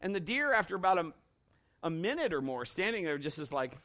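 This middle-aged man preaches with a high voice at a fairly quick pace. As pastor, he animatedly recounts a folksy story, restarting repeatedly and dramatizing the quotes.

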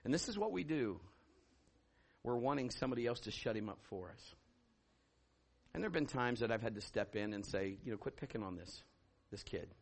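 A man preaching a sermon, swinging from loud shouted declarations to low hushed storytelling. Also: lively intonation, a little fast, long pauses. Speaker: pastor.

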